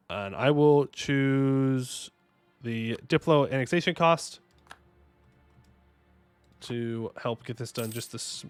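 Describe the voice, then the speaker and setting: A man's voice: medium pitch, takes it slowly, long pauses, smooth. A man streaming a strategy game, chatting casually and joking with his chat, humming little fanfares as he plays. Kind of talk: casual gameplay commentary. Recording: faint music behind voice.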